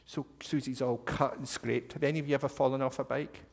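A man's voice: mid-range voice, fairly even intonation, a little fast, gravelly. A man telling a story to children at a church service, speaking animatedly and addressing them directly. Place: church hall. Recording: long hall reverb.

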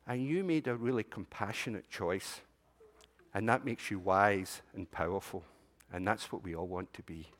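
A man voicing a wise old village woman, speaking gently and unhurriedly, as he tells a story in a church sanctuary. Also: fairly low pitch, moderate pace, voice pushed down, close to an everyday voice. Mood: gentle. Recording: long reverb of a large room.

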